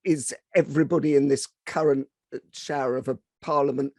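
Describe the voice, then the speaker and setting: A man's voice: mid-range voice, fairly even intonation, fairly quick, darkish tone, no echo, studio quality. A man hosting an interview, reflecting on ideas about communication in a conversational way. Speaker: host, interviewer. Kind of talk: casual interview chat.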